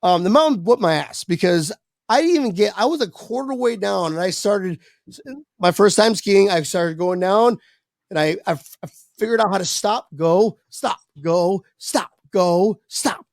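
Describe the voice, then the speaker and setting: A man with a gravelly, creaky voice tells a casual story on a podcast. He swears freely and jumps into other people's voices as he goes. The sound is close and dry, with no room echo. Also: high-pitched, a little slow. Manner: animated, swearing, acts out quoted voices. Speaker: podcast guest.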